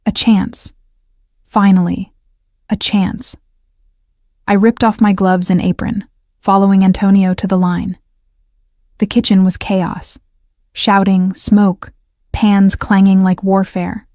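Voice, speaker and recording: Lady reading a romance story, flat steady tone, dark warm voice. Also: medium pitch, measured pace, dry recording, clean studio sound. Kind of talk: first-person scripted narration.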